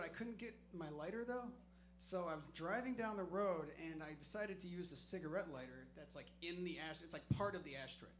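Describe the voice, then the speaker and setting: A man's voice: on the high side, slight background noise. A man doing stand-up comedy on a club stage, telling a profane, rambling, self-deprecating story.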